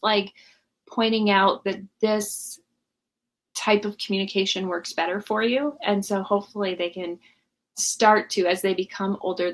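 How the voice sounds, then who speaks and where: A woman hosts a live question-and-answer session for parents. She explains things in a friendly, conversational way. She talks from home. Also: mid-range voice. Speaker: parenting coach.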